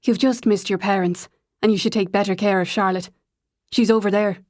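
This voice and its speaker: Woman voicing casual Irish young man, lilting, slightly lowered, dry audiobook read. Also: fairly even intonation, fairly quick, a little mellow, dry recording, lightly acted. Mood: offhand.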